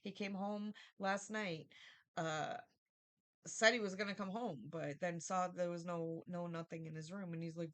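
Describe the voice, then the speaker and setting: A woman's voice: lowish voice, fairly even intonation, normal speed, fairly bright tone. A woman giving a casual, rambling Bible study review, thinking aloud and often asking "right?".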